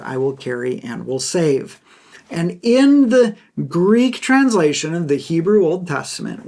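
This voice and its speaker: A man hosting a Bible teaching podcast who explains a passage in a lecture style. He is emphatic, repeats key phrases and acts out quoted lines. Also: creaky. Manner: acts out quoted speech with bright pitch jumps.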